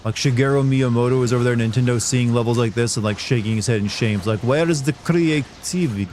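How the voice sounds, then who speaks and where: A man's voice: medium pitch, flat delivery, fast talker, darkish tone, a little hiss or hum. A man streaming a video game, giving sarcastic, rambling casual commentary. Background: game sounds.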